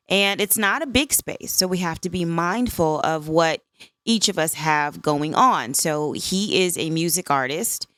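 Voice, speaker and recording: A woman's voice: low-pitched, fairly bright tone, smooth, dry recording, clean studio sound. A woman in her fifties hosting a solo podcast, talking candidly in a conversational way and often checking in with "right?". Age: 50s. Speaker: podcast host.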